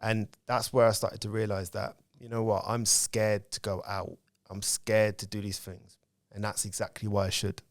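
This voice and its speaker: Guy on a podcast, fairly low voice, very dry close sound, talks candidly and reflectively. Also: little pitch movement, moderate pace, dry recording. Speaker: guest. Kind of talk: casual conversation.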